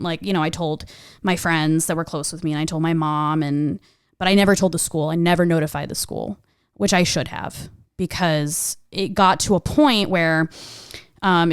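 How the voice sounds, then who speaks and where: A young adult woman co-hosting a podcast, telling a personal story in a frank, animated way. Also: lowish voice, clean tone, dry recording, studio quality. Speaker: podcast co-host.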